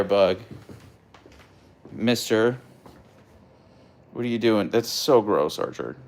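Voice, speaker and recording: Gravelly man chatting lively on a stream. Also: a little slow, pauses often. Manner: playful, baby-talks to his dog with high pitch jumps. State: sleep-deprived. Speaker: livestream host with pet huskies. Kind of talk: casual livestream chat to pets and chat.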